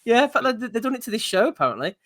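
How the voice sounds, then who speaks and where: A man's voice: extremely high pitch, big pitch swings, very fast, fairly bright tone, no room sound, studio quality. A man hosting a boxing podcast, reading out news items and laughing often. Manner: giggly, reads out news items. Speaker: podcast host. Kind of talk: casual chat.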